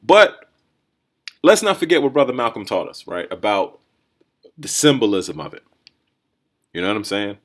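A man hosting a solo podcast, riffing in a rambling, think-out-loud way with lots of restarts and "right?" tags. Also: lowish voice, sing-song, moderate pace, long pauses. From New Jersey or New York area, USA. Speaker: podcast host. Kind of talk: casual solo commentary.

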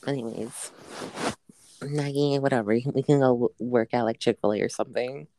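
A man's voice: mid-range voice, fairly even intonation, moderate pace, warm tone. A man co-hosting a podcast in casual chat, brash and swearing a lot. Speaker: podcast co-host.

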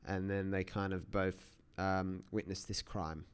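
A man's voice: low voice, flat delivery, unhurried, clean tone. A man hosting a solo podcast, talking in a casual, rambling way with many restarts. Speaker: podcast host.

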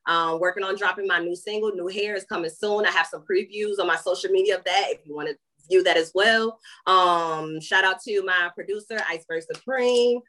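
A woman with a Southern US country accent, a guest musician, talking in a lively, slangy way and laughing often. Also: lowish voice, a little fast. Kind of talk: casual interview chat.

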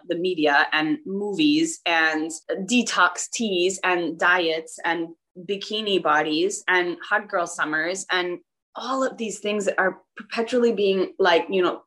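Woman interview guest, lowish voice, earnest, emphatic talker. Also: fairly bright tone. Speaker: guest, former dancer. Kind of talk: casual interview talk.

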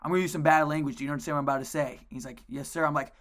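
Animated, swearing, higher-voiced male co-host. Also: racing. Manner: animated storytelling, heavy swearing. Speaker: co-host, youth lacrosse coach. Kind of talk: casual podcast chat.

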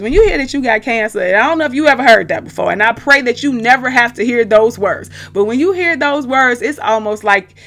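Earnest woman sharing a faith testimony. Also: medium pitch. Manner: earnest, animated storytelling with frequent restarts. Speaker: podcast host. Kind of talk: personal faith testimony to a live online audience.

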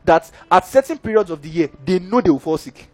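A man's voice: sits high, animated, fairly quick, no echo, faint music behind. A man preaching a sermon, who keeps checking in with his audience. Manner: engaging, keeps asking the audience "are we together, guys?".

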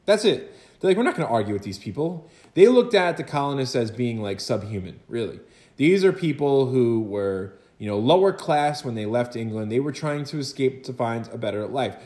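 A man's voice: mid-range voice, animated, a little mellow, roomy sound. A man teaching a history lesson in a chatty, conversational way, full of rhetorical questions and asides to his students. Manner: chatty, rhetorical asides and quick acted quotes. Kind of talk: recorded lecture for students.

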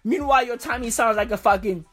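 Woman, high voice, slangy profane riffing, comic commentary, faint background music. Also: quick pace. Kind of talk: reading aloud with comic commentary.

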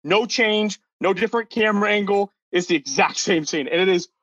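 A man's voice: high-pitched, fairly quick, a bit bright, no room sound. Young man telling a rambling, amused story. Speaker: podcast panelist. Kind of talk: casual chat. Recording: dull lo-fi recording.

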